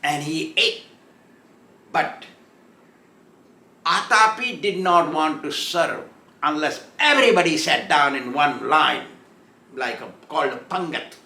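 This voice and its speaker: A man gives a storytelling sermon, chuckling as he goes and acting out the voices in the story. His voice is high and bright, and he speaks slowly. The room echoes. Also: animated. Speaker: spiritual teacher.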